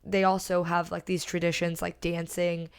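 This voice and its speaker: Woman, book podcast co-host, casual rambling chat, clean smooth tone. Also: fairly low pitch, level tone, normal speed. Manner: chatty, trails off and restarts.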